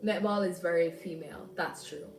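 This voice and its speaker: A Jamaican woman living in England hosts a casual livestream chat from home, reading comments aloud, laughing often and thinking aloud with fillers. Her lowish voice is fairly even and moderately paced. She's far from her phone or tablet mic, giving a roomy, off-mic sound with loud music behind.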